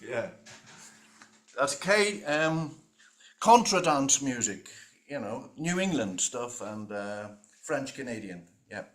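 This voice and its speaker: A man's voice: medium pitch, sing-song, takes it slowly, pauses often. A man chatting casually at a music jam, hesitant and thinking aloud with fillers. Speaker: guest fiddle player leading tunes.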